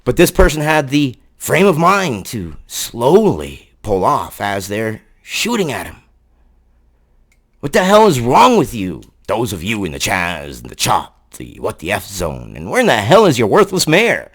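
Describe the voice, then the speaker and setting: A man's voice: lowish voice, wildly swooping pitch, unhurried, breathy edge. A man delivering angry political commentary, sarcastic and profane in his ranting.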